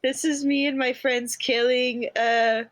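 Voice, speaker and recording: A young woman playing in a tabletop game, giggly and answering quickly in character. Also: high voice, flat delivery, no echo, low-quality recording. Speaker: player. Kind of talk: tabletop role-play.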